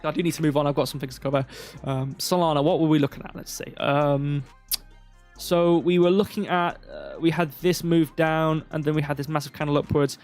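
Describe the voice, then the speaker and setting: Male stream host, a bit high-pitched, loose and chatty, thinks aloud over charts. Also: brisk, darkish tone, soft background music. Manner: rambling, filler-heavy, thinking aloud. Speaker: crypto livestream host. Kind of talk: casual live chart commentary.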